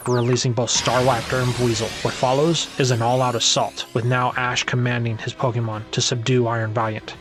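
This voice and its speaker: A man giving steady, dramatic scripted narration of a fan-made story, with faint music behind. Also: medium pitch.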